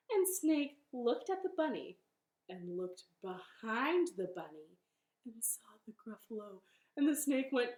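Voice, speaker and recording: A female children's librarian reading a storytime from her living room, with a gentle, encouraging manner. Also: on the high side, lively intonation, slow, echoey room.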